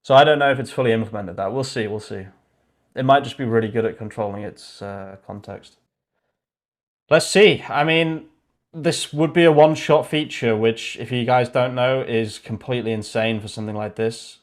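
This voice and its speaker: Here a young man talks at normal speed in a medium pitch while coding live. He curses without restraint, reasons aloud, and murmurs code notes flatly.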